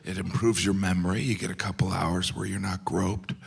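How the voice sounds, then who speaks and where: A middle-aged American man doing a stand-up set, deadpan, slipping into silly voices for the people he quotes. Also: low voice, fairly quick, creaky, slight background noise. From United States. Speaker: stand-up comedian. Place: live comedy venue with audience.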